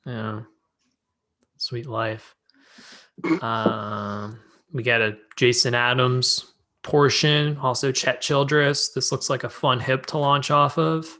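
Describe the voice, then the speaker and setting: A man with a bright, clear voice hosts a relaxed podcast chat. He works through his notes on a skate video in a loose, jokey way. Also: mid-range voice, slow. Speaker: podcast host.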